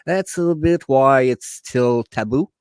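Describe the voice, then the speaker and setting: A man from Quebec with a Quebec French accent, a native French speaker, chatting as a guest content creator and often pausing to search for English words. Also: mid-range voice, a little mellow, clean tone, no echo, studio quality. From Quebec, Canada. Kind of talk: casual interview chat.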